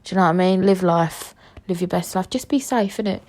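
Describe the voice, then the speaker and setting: A young woman telling a storytime on her podcast, joking and swearing, lurching from loud outbursts to low mutters, a little queasy. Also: fairly quick. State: queasy from food poisoning. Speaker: podcast host. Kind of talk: storytime monologue.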